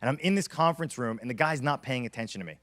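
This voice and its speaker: Fast-talking energetic keynote man. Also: mid-range voice. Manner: energetic, storytelling, acts out quotes. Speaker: keynote speaker. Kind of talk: conference keynote talk.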